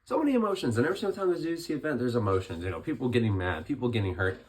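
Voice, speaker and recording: A young man with a hoarse, worn voice, still getting over being sick, talking casually and rambling as he breaks down a fight night. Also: mid-range voice, lively intonation, very fast, darkish tone. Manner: chatty, rambling, lots of restarts. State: hoarse, recovering from illness. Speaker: MMA commentary vlogger.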